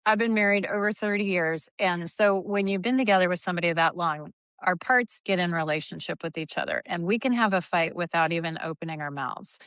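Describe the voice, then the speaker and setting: A woman in her fifties, a therapist guest talking in an animated way and sometimes acting out angry lines. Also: on the low side, clean tone, dry recording, studio quality. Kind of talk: conversational interview.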